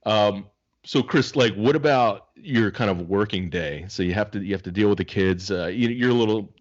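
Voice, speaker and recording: A man's voice: lowish voice, moderate pace, highs cut off. A man co-hosting a podcast in casual chat, telling stories animatedly and acting out the voices of the people in them. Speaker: podcast co-host.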